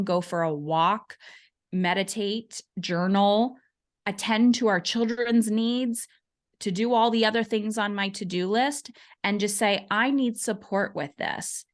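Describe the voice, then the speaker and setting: A woman in her forties, a podcast guest, telling a story with energy and acting out the voices she quotes. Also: medium pitch. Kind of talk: conversational interview.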